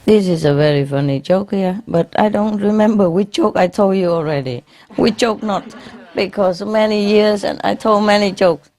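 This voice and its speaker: Her voice is medium in pitch with a darkish tone, and she speaks at a moderate pace. This woman, a spiritual teacher in a gathering hall, jokes with a live audience in non-native English, laughing frequently at herself and checking in through tags such as "no?" and "eh?".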